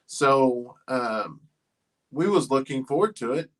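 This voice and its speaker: A middle-aged man, hosting a casual livestream chat about his farm and family, rambling and halting with many fillers. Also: medium pitch, animated. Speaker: farm channel host.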